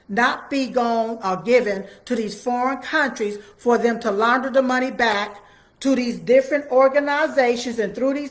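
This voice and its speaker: A woman giving fiery, repetitive political commentary and talking straight to her viewers. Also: on the high side.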